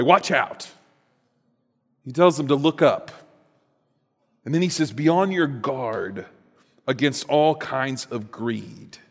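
A man's voice: on the high side, a bit bright. A man preaching a sermon as pastor, reading scripture and then talking with playful asides to the congregation. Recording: long hall reverb.

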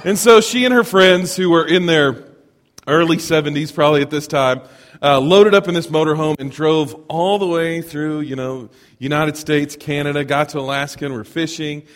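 A man preaching a storytelling sermon, animated and chuckling, often asking his congregation questions. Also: a little high, normal speed. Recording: long reverb of a large hall.

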